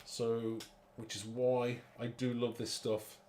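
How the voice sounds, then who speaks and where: Male craft-demo host, mid-pitched, rambling and self-mocking, faint background hiss. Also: little pitch movement, slow, darkish tone. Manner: chatty, rambling, thinks aloud; self-mocking, laughs at own muddle. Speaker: card-making demonstrator.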